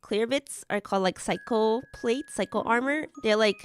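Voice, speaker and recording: A young adult female streamer with a somewhat high voice, a bit hoarse from being sick, chats with viewers at a moderate pace while building models. She's giggly and uses lots of filler words, and there's a little hiss or hum.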